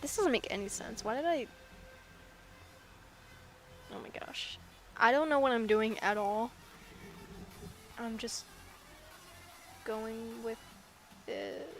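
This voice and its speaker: This woman's voice is a little high and slow, with frequent pauses and faint music in the background. She's an artist drawing on stream, chatting loosely with giggles and self-deprecating remarks.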